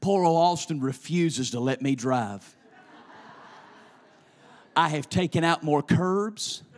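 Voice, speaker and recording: A male preacher delivering a sermon in a chanting, sing-song cadence that swells into shouts. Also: on the high side, animated, takes it slowly.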